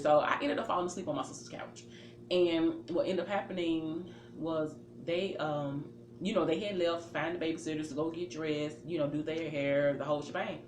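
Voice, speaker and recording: A woman with a lower voice tells a personal story in an easy, casual way. She acts out her own reactions and leans on fillers like "you know" and "um" as she talks. The room is echoey, with a faint hum of ambient noise behind her.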